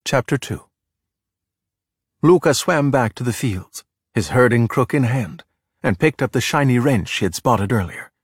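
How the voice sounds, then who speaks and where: A middle-aged man reading a children's storybook aloud in a steady, plain way. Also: medium pitch, unhurried, husky, dry recording, studio quality. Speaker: narrator.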